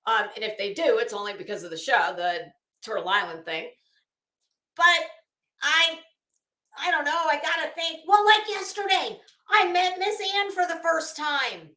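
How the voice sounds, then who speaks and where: A woman's voice: high-pitched, expressive, normal speed, bright, forceful tone. A woman streaming and chatting casually, rambling with many restarts and fillers. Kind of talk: casual chat. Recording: echoey room.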